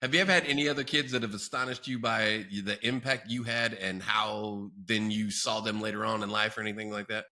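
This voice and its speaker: A man's voice: lowish voice, fairly even intonation, fairly quick, few pauses, pushed and bright. A man hosting a podcast in a casual chat, outgoing and jokey, prompting his guest with questions. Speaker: podcast host.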